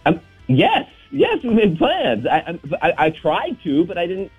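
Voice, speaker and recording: A man's voice: sits high, wildly swooping pitch, unhurried, husky, soft background music. Stammering man on a tinny phone line. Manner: stammering, flustered. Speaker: caller.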